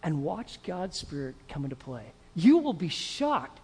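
High-voiced man preaching in a hall. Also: a little slow, slightly rough. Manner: animated storytelling, acting out voices. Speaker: pastor. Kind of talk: sermon.

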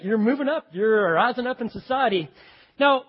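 A man preaching a sermon as pastor, with a folksy, joking and animated delivery. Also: very high voice, brisk, husky. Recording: dull sound with long hall reverb.

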